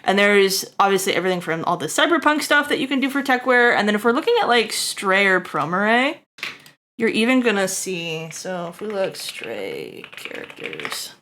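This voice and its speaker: A woman's voice: big pitch swings, moderate pace. A woman streamer giving a casual character design critique, rambling with lots of fillers and checking in with "right?". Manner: jokey asides to chat, bursts high and loud.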